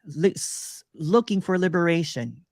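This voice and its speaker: A man speaking as a podcast guest, explaining ideas in a slow, thoughtful way and laughing easily. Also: a little high, expressive, darkish tone, no echo, studio quality. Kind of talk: interview talk.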